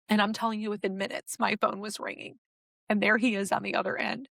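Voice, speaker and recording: Brief: young adult woman guest, emotional personal storytelling, mid-pitched, close dry mic. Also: fast, vocal fry, no room sound. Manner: animated, acts out her own past words. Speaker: podcast guest.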